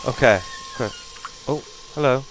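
A man's voice: medium pitch, normal speed, background noise. A man commentating a horror game as he plays, swearing and muttering, with jittery, frightened outbursts. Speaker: gaming YouTuber.

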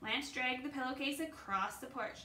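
Teacher reading aloud to kids, woman, bright voice, echoey room. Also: sits high, moderate pace, slight background noise. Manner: storytelling, with small slips and ums. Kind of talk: reading a picture book aloud.

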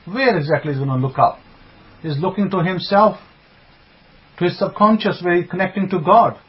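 Speaking a little fast in a high voice, a religious teacher gives an emphatic Bible sermon over dull lo-fi sound. He uses rhetorical questions and repeated phrases, greeting online listeners by name as he talks.

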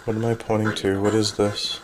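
A man's voice: lowish voice, little pitch movement, fairly quick, noisy background. A man running a casual ghost-hunting session, coaxing unseen spirits with questions and thanking them. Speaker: paranormal investigator. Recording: loud music under the voice.

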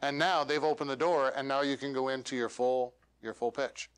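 A man coaching a meetup audience on pitches, animated and demonstrating lines with dramatic pauses. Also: clear, resonant tone. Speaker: speaker coaching elevator pitches. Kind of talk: workshop coaching talk. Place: meetup room.

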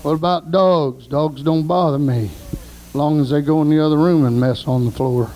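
A man preaching a sermon, telling folksy stories and shouting praise. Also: on the high side, moderate pace, rough recording.

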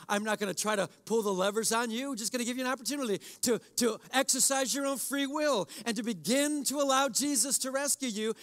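A man's voice: extremely high pitch, a bit bright. A man preaching a sermon as pastor in a church service, exhorting in a conversational way and addressing the congregation directly.

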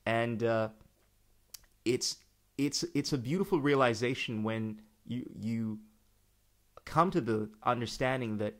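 A man's voice: medium pitch, slow pace, long pauses, fairly bright tone. A man hosting a casual podcast interview, chatty and joking, laughing easily. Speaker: podcast host.

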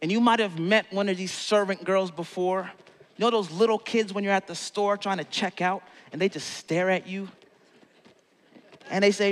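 Guy pastor giving a sermon, high voice, playful storytelling, big reverby church hall. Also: fairly even intonation, normal speed. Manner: playful storytelling with acted-out quotes.

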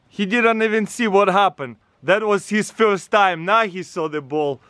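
A man with a Russian accent, vlogging as he tests a dog toy outdoors and calls excitedly to his dog in a sing-song voice. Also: high voice, moderate pace, few pauses, no room sound. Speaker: vlogger testing a pet toy. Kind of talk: casual vlog. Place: outdoors with dogs.

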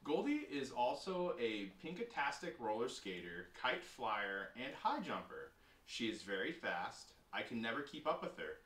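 Man reading a storybook with lively expression. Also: mid-range voice, a little slow, reverberant, distant mic. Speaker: storybook reader. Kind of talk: reading a picture book aloud.

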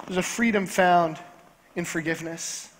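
A male pastor preaching a sermon in a church, driving points home by repeating key phrases slowly. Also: high-pitched, fairly even intonation, slight background noise. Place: church sanctuary. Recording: long church hall reverb.

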